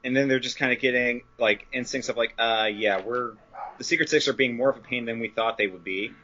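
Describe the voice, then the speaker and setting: Male podcast guest, casual chatty tone, mid pitch, dull lo-fi recording. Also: bright, forceful tone, a little hiss or hum. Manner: chatty, jumps in with quick asides. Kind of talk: casual comic book podcast chat. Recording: dull lo-fi audio.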